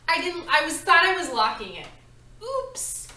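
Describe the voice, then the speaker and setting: A woman's voice: high-pitched, very animated, brisk, pushed and bright, a little hiss or hum. Chatty woman baking in an echoey kitchen. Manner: chatty, talks through each step while working. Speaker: home baker demonstrating a recipe. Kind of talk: casual cooking tutorial. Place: home kitchen. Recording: echoey kitchen, mic at a distance, clattering dishes.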